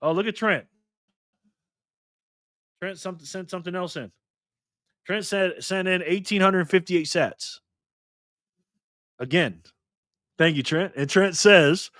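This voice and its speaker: A man's voice: high-pitched, expressive, measured pace, long pauses, bright, forceful tone, no room sound, clean studio sound. A man hosting a casual live stream, joking and chatty as he reads donations and chat messages aloud. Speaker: livestream host.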